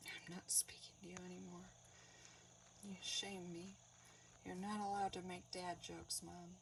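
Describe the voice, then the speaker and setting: A woman quoting her sulky, indignant teenage son in a flat, offended tone. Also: fairly low pitch, measured pace, creaky, far from the mic, slight background noise.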